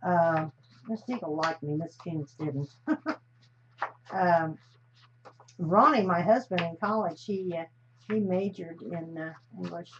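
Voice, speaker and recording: A woman's voice: lowish voice, slow, pauses often. A chatty woman from the United States hosts a live stream as she crafts. She rambles and often drops a sentence halfway to start another. The recording is slightly dull, with a faint hiss underneath.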